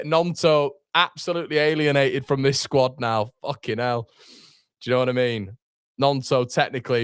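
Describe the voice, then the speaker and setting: A young man hosting a live football watchalong, excitable and sweary, chatting to his viewers. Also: mid-range voice, clear, resonant tone, dry recording, studio quality. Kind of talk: live match reaction.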